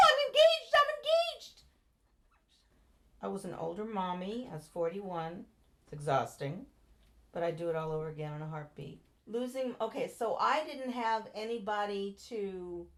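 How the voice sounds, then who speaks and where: A woman in her sixties from the United States, recalling her life for her child in a relaxed, meandering family interview. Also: deep voice, vocal fry. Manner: rambling, meandering recollection with restarts. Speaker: interviewee, mother. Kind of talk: reminiscing in a family oral-history interview.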